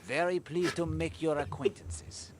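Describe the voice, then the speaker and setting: Man playing a polite, fastidious detective, formal, game voice acting. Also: mid-range voice, lively intonation, a bit bright, in a large hall, a little hiss or hum, close to an everyday voice. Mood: courteous. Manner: formal, courteous.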